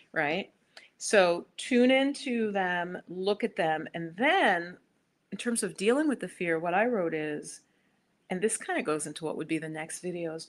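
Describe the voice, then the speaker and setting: A woman hosting a spiritual talk, chatting casually with live viewers and acting out little conversations as she tells a story. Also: on the low side. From United States. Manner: chatty and animated, acts out quoted exchanges. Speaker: spiritual video host.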